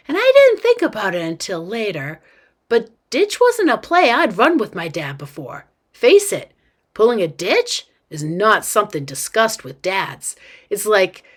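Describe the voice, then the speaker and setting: Woman teacher, read-aloud of a novel; animated, slow, expressive narration. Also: mid-range voice. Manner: expressive first-person narration.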